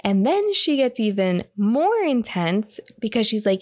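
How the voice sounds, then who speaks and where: A woman's voice: mid-range voice, unhurried. A woman co-hosting a casual podcast, telling a spooky story and acting out the quotes with feeling. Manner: animated, acts out quotes. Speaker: podcast co-host.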